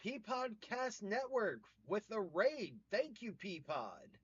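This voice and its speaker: A man's voice: sits high, big pitch swings, slow pace, breathy edge. A man from the American South who hosts a casual livestream, joking, trading puns and greeting viewers by name. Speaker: livestream host. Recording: slightly muffled dry mic.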